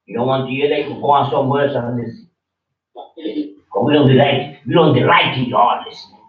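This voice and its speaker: A man in his seventies, a religious teacher giving a sermon, preaching forcefully and repeating his points in a confrontational way. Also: mid-range voice, steady tone, moderate pace. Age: 70s. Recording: roomy, distant, dull-sounding recording.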